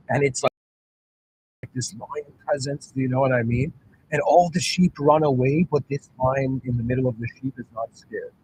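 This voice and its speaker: A man's voice: mid-range voice, darkish tone, slight background noise, poor audio. A man telling a story in a casual explanatory talk, rambling, correcting himself and often checking in with listeners. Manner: rambling, self-correcting, keeps asking "right?". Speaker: channel host.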